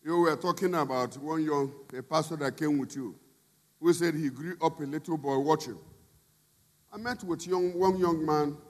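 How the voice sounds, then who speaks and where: A man preaching a sermon as a bishop, emphatic and shifting from quiet asides to shouted appeals. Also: on the high side. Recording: long reverb in a large hall.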